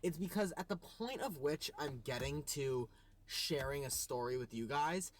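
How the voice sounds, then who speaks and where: A man with a fairly high voice tells a casual story. He sounds exasperated, and he acts out the other people in it. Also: moderate pace. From United States. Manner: exasperated, animated retelling with voiced quotes. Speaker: co-host.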